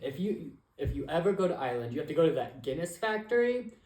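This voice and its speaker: A man co-hosting a podcast in casual chat, animated and campy with playful slang. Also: fairly high pitch, fast talker. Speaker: podcast co-host. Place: room at home, with the co-host across a coffee table. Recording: echoey room.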